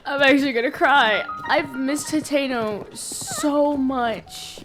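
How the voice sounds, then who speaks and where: A young woman streaming a video game, swinging between loud excitement and low muttering as she talks. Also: slow pace, music in the background. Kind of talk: casual gameplay commentary.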